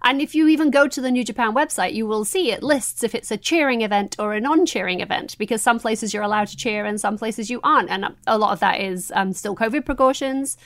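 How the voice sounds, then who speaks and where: A woman's voice: a little high, brisk, few pauses, no echo. Chatty woman podcast co-host. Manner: chatty, animated, laughs easily. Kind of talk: casual wrestling chat.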